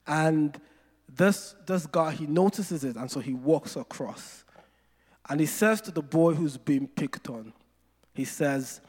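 Preacher in a reverberant hall. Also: male voice, fairly high pitch, a little mellow. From Nigeria. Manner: storytelling with playful asides and slow, emphatic scripture lines. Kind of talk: sermon.

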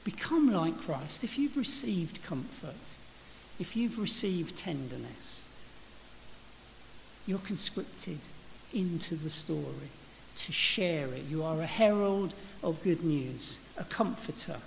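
Speaking slowly with vocal fry, this preacher has a slightly high, animated voice. His sermon is reflective, full of restarts and "you know," captured in an echoing church hall with faint hiss.

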